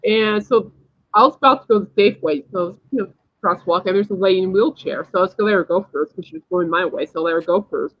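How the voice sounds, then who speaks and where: A podcast host with a medium-pitched voice talks fast, sharing a personal story in a rambling, emphatic, casual way. The recording has a dull, lo-fi sound.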